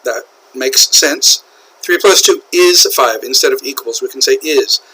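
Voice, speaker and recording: A man with an American accent teaching English usage, explaining slowly and repeating key phrases, often checking in with "okay?". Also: medium pitch, sharp tone, breathy edge, poor audio. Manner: slow, repetitive explaining with frequent "okay?" checks. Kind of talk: classroom lecture on English usage.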